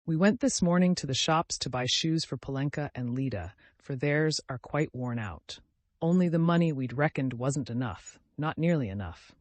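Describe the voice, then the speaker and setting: A man's voice: a little high, expressive, normal speed, no echo. A man voicing a timid, devout young woman who speaks in an earnest, pleading, distressed way.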